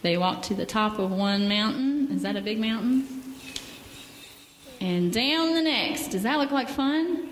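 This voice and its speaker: A woman gently reading a picture book aloud to children in church, pausing to ask them questions. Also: fairly high pitch, expressive, a little hiss or hum. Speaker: children's story leader. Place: church sanctuary. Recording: echoey hall with faint ambience.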